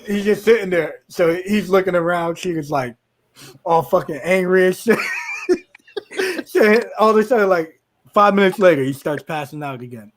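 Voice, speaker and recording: Animated high-voiced man telling a story. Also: moderate pace, a little hiss or hum. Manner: animated, laughing, profane, acts out friends' lines. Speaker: podcast co-host. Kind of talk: casual storytelling chat.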